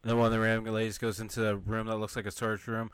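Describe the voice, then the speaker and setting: A man's voice: on the low side, little pitch movement, very fast, smooth, no room sound. A young man hosting a podcast, casually retelling a horror film scene by scene and sometimes mimicking the characters. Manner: retells scenes, quoting characters in brief exaggerated voices; laughs here and there, sarcastic asides. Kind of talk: casual movie recap.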